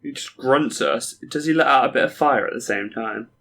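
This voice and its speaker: A man's voice: mid-range voice, a little fast, creaky, a bit bright. A man playing in a tabletop game, playful and laughing a lot. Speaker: player. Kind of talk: casual chat at a game table.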